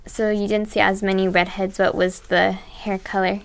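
A woman with a medium-pitched voice takes part in a friendly conversation. She mostly asks curious follow-up questions. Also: flat delivery, moderate pace, vocal fry. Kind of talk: casual chat.

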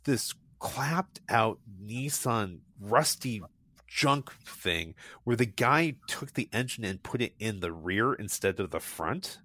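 A man's voice: lowish voice, expressive, takes it slowly, bright, forceful tone, no room sound. A man chatting casually as a guest, telling enthusiastic, rambling stories full of restarts and fillers. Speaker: guest recommending local car meets. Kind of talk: casual conversational storytelling.

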